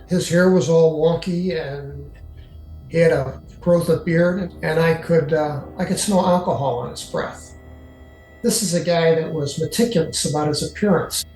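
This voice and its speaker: An older man recounting his own experience to an interviewer, in a halting way with many fillers. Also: fairly high pitch, darkish tone. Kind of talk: first-person storytelling. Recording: echoey room with faint music.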